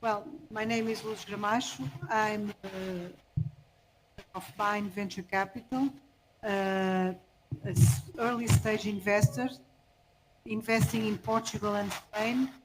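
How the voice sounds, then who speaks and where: A woman investor introducing herself on a panel in a measured way. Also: mid-range voice, fairly even intonation, rough recording. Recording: faint background noise.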